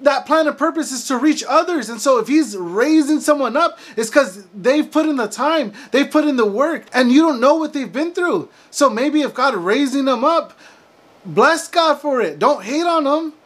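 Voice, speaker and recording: Very high-voiced preachy man. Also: expressive, moderate pace. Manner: emphatic, ranting, preacher-like. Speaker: Christian faith vlogger. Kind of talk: preachy motivational monologue.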